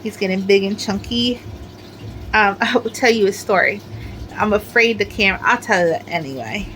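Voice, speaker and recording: A woman's voice: mid-range voice, moderate pace, fairly bright tone, slight background noise, rough recording. A middle-aged woman chatting casually as she shows off her crochet work, rambling with lots of filler words. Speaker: crochet crafter showing her amigurumi. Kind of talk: casual show-and-tell chat.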